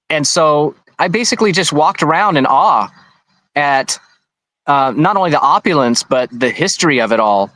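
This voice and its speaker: A man's voice: mid-range voice, a bit bright, no echo, low-quality recording. A man being interviewed, recounting events in a rambling, conversational way with frequent restarts. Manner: rambling, with many restarts and asides. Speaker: interview guest.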